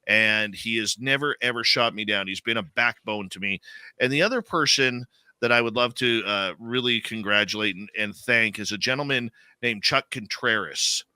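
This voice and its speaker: A man's voice: on the low side, normal speed, bright, forceful tone, clean tone, no room sound. A man with a Canadian accent, hosting a live radio talk show in a rambling, conversational way, full of fillers and restarts. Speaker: radio host.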